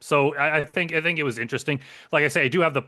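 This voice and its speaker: Bright-voiced man giving hesitant opinions. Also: fairly high pitch, racing. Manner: hesitant, repeats words while forming opinions. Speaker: movie review podcast co-host. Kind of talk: casual movie discussion.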